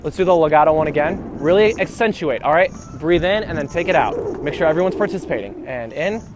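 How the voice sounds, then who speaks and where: A man's voice: a little high, expressive, brisk, noisy background. A young man teaching a band rehearsal, counting off beats, singing rhythms and coaching breathing and articulation. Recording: music playing in the background.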